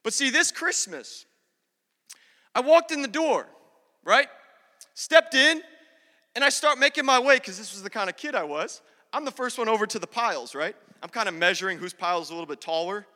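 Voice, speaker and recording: A man with a high, very bright and sharp voice preaches in a church, mixing humor into his sermon and calling out to the congregation. His words ring out with a long reverb through the hall. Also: lively intonation, moderate pace. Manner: humorous, talks directly to the congregation. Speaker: pastor. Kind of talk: sermon with personal storytelling.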